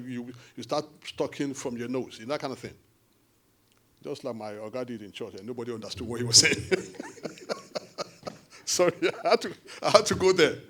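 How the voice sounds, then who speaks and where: A man with a Nigerian accent addresses a forum meeting in an animated, conversational way, with quick asides. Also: mid-range voice. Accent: Nigerian English. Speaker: diaspora party official addressing a support forum.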